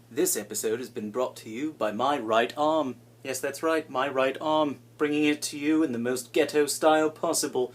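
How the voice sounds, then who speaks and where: A man's voice: medium pitch, lightly acted. A man putting on a grandiose British accent to play a mock-posh announcer, filming on an iPad held at arm's length. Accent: put-on British.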